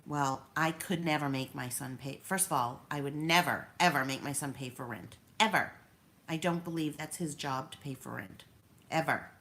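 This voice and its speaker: A woman's voice: sits low, moderate pace, a bit bright. Hurt, rambling woman in her fifties venting. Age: 50s. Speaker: vlogger. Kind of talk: emotional personal vlog.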